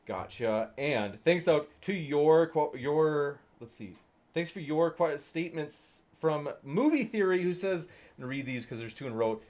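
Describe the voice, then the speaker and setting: Man, debate moderator, reads viewer questions, animated pitch, jokey and playful. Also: normal speed. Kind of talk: casual live-stream moderation.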